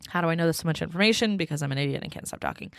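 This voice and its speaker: A woman hosting a solo podcast, telling a story in an animated, profane and self-mocking way into a close mic. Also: sits low, rapid-fire, clear, resonant tone, dry recording. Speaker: podcast host.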